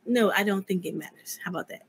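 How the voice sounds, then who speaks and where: A woman's voice: mid-range voice, fast, husky. A woman guest in a casual interview chat, talking in a sassy, candid way.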